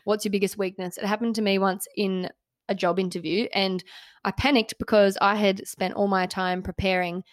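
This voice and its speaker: A woman hosting a casual chat, animated and candid, swearing and acting out her own thoughts. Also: mid-range voice, normal speed, no room sound. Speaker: podcast host.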